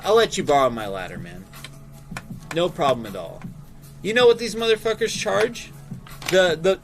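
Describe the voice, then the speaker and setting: A man telling a convention story in casual talk, swearing freely and acting out both sides of an argument. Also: fairly high pitch. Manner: animated, profane, acts out both sides of the argument. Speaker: small business owner telling a convention story.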